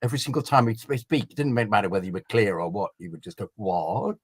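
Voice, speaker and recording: A man's voice: on the low side, lively intonation, rapid-fire, slightly rough, no echo, clean studio sound. A man co-hosting a fan podcast, telling wry anecdotes in a casual, storytelling way. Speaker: podcast co-host. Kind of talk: casual chat.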